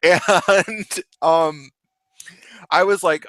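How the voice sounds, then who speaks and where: A young man telling a story in a casual, animated way, laughing often and swearing. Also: a little high, moderate pace, no room sound. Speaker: vlogger.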